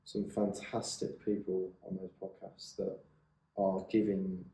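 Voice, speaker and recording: A man's voice: low-pitched, completely flat delivery, a little slow, dark tone. A man, co-hosting a podcast in a chatty, teasing, rambling way. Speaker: podcast co-host. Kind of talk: casual chat. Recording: echoey room.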